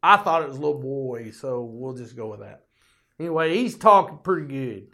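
A man's voice: mid-range voice, animated, moderate pace, pushed and bright. An older man with a drawl hosting his own show, telling rambling, profane stories with folksy joking asides. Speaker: podcast host. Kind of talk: rambling storytelling monologue.

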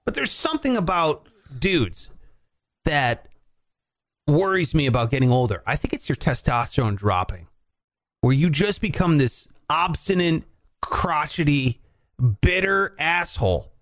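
A man co-hosting a casual chat show, talking in an animated, profane, mocking way. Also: on the high side, measured pace. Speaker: podcast co-host.

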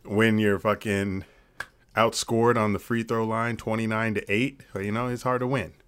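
Laid-back, low-voiced man talking sports. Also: flat delivery, normal speed, a bit bright, slight background noise. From Florida. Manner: laid-back, swears freely, laughs often. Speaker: podcast co-host. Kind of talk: casual sports chat.

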